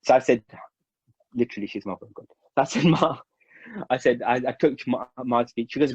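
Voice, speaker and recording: Telling a story from his own past, a man from Mauritius speaks fairly quickly in a husky, medium-pitched voice. He's relaxed and lively, giving each quoted person their own voice. The sound is dry and a bit dull.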